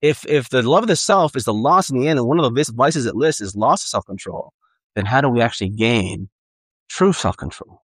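An earnest male pastor delivering a sermon in a plain, conversational manner, his voice sitting at an ordinary middle pitch. He repeats himself and restarts phrases as he works through his point. The sound is dry and close, with little room echo. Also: expressive, fairly quick, a bit bright.

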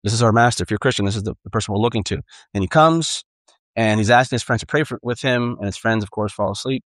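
A man's voice: lowish voice, quick pace, fairly bright tone, dry recording. A man preaching a sermon in an earnest, conversational way, often repeating and restarting phrases. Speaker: pastor.

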